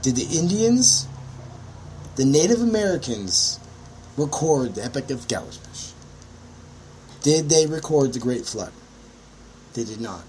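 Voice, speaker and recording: A man hosting his own podcast, ranting in a brash, profane monologue with sudden high yelps. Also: darkish tone, slight background noise, poor audio. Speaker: podcast host.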